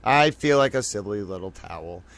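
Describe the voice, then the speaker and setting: A man hosting a late-night livestream, tired from a long day, talking in an excitable, rambling, profane way to his viewers. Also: lowish voice, normal speed. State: tired from being up all day. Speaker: livestream host.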